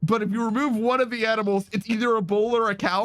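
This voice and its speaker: A man's voice: sits high, steady tone, quick pace, a bit bright, no echo, faint music behind. A man streaming a game in casual chat, reading messages aloud, rambling, swearing often and laughing a lot.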